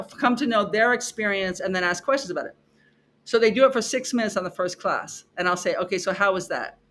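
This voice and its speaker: On a podcast, a middle-aged woman professor tells animated, conversational stories about her classes in a mid-range voice. She's expressive, acting out her students and repeating herself for emphasis.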